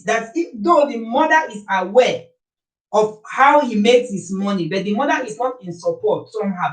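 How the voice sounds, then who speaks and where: A woman with a Nigerian accent delivers opinionated commentary to her live audience, pressing her point with rhetorical questions. Her voice sits some distance from the microphone and carries the echo of a bare room. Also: a little high. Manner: forceful, rhetorical, repeats points. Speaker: YouTuber on a live stream. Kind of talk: opinionated live-stream talk. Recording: echoey room, voice off-mic.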